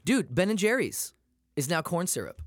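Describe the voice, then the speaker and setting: A man in a casual podcast chat who tells stories with a lively, swinging voice and a lot of profanity. He sits a touch higher than most men. His voice is recorded dry and close, with no room sound. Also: moderate pace, dry recording. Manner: profane, animated storyteller.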